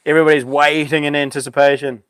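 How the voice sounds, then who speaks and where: A relaxed man with a New Zealand accent chats his way through a live stream, meandering and dotting his talk with ums. His voice sits a little high for a man. The sound is close and dry, with no room around it. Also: dry recording. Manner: laid-back, rambling, lots of ums. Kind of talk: casual live stream chat.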